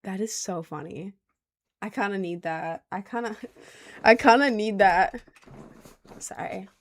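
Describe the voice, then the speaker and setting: A woman's voice: mid-range voice, measured pace. Young woman chatting casually on stream. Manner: chatty, slangy, answers chat with "bro". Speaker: livestreamer reading chat. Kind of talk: casual livestream chat. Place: indoors at home, seated in a chair.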